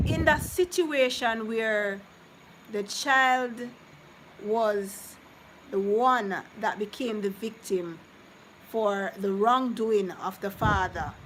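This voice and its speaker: A woman in her thirties, a vlogger reading live chat, talks casually with her stream's viewers in a medium-pitched voice over background noise. She rambles, repeats herself, and speaks from the heart.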